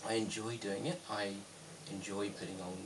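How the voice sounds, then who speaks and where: A man's voice: fairly low pitch, steady tone, normal speed, distant mic. Chatty British man with faint hiss. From London, England. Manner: chatty, self-deprecating, frequent ums. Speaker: YouTuber answering viewer questions. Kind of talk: casual Q&A vlog.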